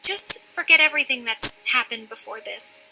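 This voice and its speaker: A woman's voice: sits high, animated, moderate pace, vocal fry, bright, forceful tone, faint music behind, heavily acted, rough recording. A woman voicing an emotional young woman pleading with her sister in a storytime animation. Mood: tearful. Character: remorseful older sister, young woman, adoring.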